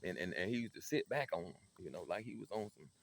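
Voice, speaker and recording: Man, low-pitched, stammering comic storyteller. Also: lively intonation, quick pace, gravelly, a little hiss or hum. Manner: stammering repetitions, laughing asides. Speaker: storyteller host.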